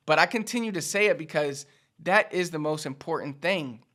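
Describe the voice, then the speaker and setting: His voice sits on the high side and sounds a bit bright. As host of his own channel, he gives a casual language lesson to camera, chatting away, repeating himself, and performing snippets of rapid everyday speech.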